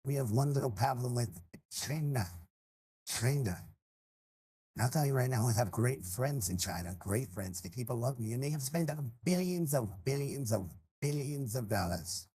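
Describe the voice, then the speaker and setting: Man doing a bragging president, very husky, dark, voice-mod filtered. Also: medium pitch, expressive, normal speed, pitched below the performer's own voice. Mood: boastful. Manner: boastful, repeating phrases. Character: boastful male president, repetitive. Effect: voice changer.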